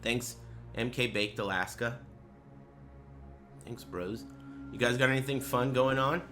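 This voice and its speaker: Man, streamer, crude rambling banter, unhurried delivery. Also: mid-range voice, pushed and bright, faint music behind. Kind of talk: casual livestream chat.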